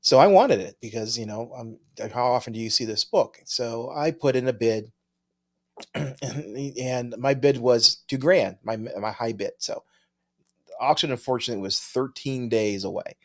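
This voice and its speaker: A man with a mid-range voice, speaking at normal speed, co-hosts a podcast in casual chat. He's easygoing, thinks aloud, and chuckles often while reading viewer mail.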